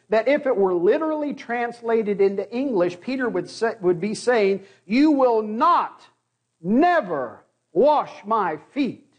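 A pastor delivers a sermon in a notably high voice. He speaks earnestly, repeating words as he restarts phrases and pausing for emphasis. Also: a little mellow, highs cut off.

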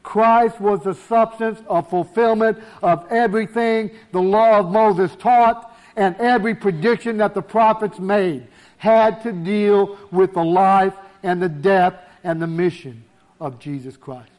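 High-voiced male preacher, emphatic. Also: a little mellow. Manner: emphatic, slowing on key words. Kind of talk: sermon.

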